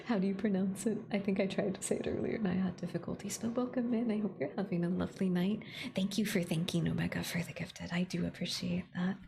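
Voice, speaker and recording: Young woman streamer, low and a bit gravelly, half whispering, chatty and bubbly with her viewers. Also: fast talker, slight background noise. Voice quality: soft, breathy whispering. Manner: chatty, bubbly, thanks chat, excitable gasps. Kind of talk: casual stream chat, often whispered.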